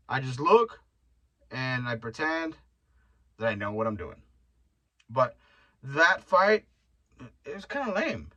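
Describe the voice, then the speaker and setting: A man's voice: fairly high pitch, sharp tone, rough recording. A young man hosting his own podcast, telling rambling stories in a loose, profane, joking way. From Mexican heritage. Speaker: podcast host. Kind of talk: casual solo podcast rant.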